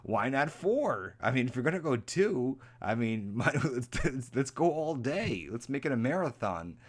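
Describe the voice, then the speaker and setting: A man hosting a casual live stream, rambling and repeating himself, now and then jumping into a high, mocking voice to imitate angry people. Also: very animated, unhurried.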